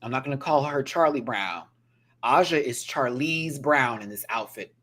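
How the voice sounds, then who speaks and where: A drag show reviewer hosting a live stream talks at normal speed in a mid-range voice, keeping things casual and animated. He laughs frequently, mimics people while recounting the story, and greets viewers by name with affection.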